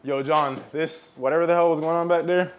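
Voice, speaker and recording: A young man in a garage gym talking loosely and relaxed about his training. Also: a little high, brisk. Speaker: athlete. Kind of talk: casual workout chat.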